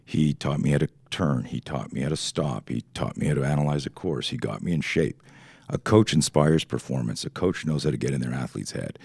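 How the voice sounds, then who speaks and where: A middle-aged man from Canada, a self-defense instructor telling stories as a podcast guest, animated and swearing freely while acting out quoted dialogue. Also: rumbling low, fairly quick, vocal fry, slightly rough, no room sound. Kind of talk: podcast interview storytelling.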